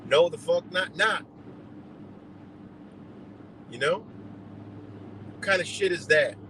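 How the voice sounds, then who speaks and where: A man's voice: a little high, slow pace, pushed and bright, a little hiss or hum, poor audio. A man ranting heatedly and profanely in a rambling live monologue, streaming from a car on the road. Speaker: livestreamer.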